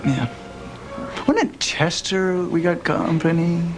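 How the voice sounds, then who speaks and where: An actor playing an eager young man who talks in an animated, rambling way. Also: fairly high pitch, takes it slowly, over music. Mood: coaxing. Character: eager young man, enthusiastic small-town booster.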